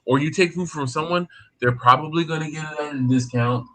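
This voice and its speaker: Bright, animated male storyteller. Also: fairly high pitch, fairly quick, slight background noise. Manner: animated, acts out the people in his stories; repeats and restarts words as he talks. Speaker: barbecue cook and show host. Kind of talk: casual storytelling on a live group call.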